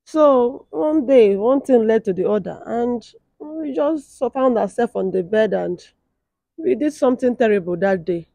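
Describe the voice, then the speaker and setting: A woman's voice: a little high, lively intonation, unhurried, vocal fry, dark tone, no echo, heavily acted. A woman playing a sheepish confessing wife. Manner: confessing, hesitant. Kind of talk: comedy skit acting.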